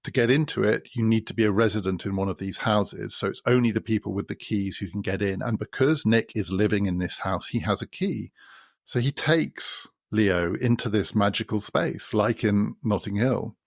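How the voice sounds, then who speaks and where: A man's voice: on the low side, normal speed, gravelly, dry recording, clean studio sound. A man hosting a podcast, explaining a novel in a thoughtful way and building his points through repetition. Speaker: podcast host. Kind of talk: spoken literary commentary.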